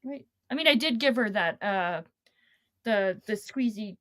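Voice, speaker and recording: A woman chatting casually, animated and playful, often correcting herself as she talks. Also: mid-range voice, a little slow, no room sound. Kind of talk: casual chat.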